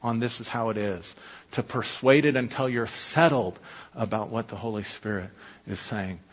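A pastor preaching a sermon, emphatic and conversational, often asking the listeners questions. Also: male voice, lowish voice, normal speed, husky. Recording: echoey hall, dull lo-fi sound.

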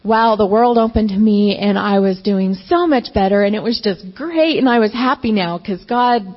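A woman's voice: mid-range voice, moderate pace. A woman speaks candidly and emotionally as she shares a personal testimony, acting out her own past outbursts. Her voice carries a long reverb, as if from a large hall. The sound is dull and lo-fi. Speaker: pastor's wife.

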